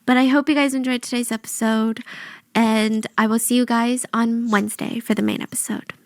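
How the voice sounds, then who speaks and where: A woman's voice: on the high side, little pitch movement, moderate pace, dry recording. A woman narrating a true crime story close to the mic, with chatty asides and emotion showing through.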